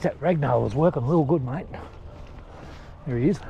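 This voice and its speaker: A man's voice: medium pitch, moderate pace, vocal fry, long pauses, narrow, tinny audio, slight background noise. A man, talking casually outdoors to his viewers and his dogs while out ferreting. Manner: chatty, talks to his dogs and ferrets, excited calls. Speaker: ferreting vlogger. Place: outdoors in open country.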